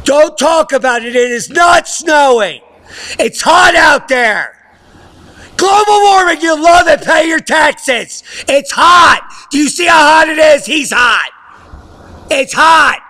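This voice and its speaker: This is a shrieking, frantic caricature of a male climate alarmist, yelling far above a normal speaking voice, as a man puts him on. The voice is bright and cutting. The delivery is mocking and over the top. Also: very high voice, expressive, slow pace, voice pushed up, heavily acted. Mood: frantic mockery.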